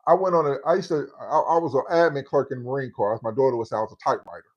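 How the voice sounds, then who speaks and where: The audio is dull as a fifties-aged livestream host, mid-range in voice, races through a casual story at a very fast clip. He animates the tale by acting out what each person said.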